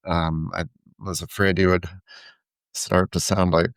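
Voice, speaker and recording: A man's voice: low-pitched, level tone, a little slow, vocal fry, no echo, studio quality. A man co-hosting a podcast in casual chat, speaking thoughtfully and hesitantly and often restarting his words. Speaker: podcast co-host.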